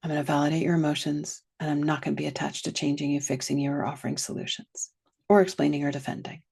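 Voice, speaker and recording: A woman teaching a guided reflective lesson, slow and gentle, sometimes dropping to a soft whisper. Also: low voice, steady tone, creaky, breathy edge. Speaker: wellness teacher.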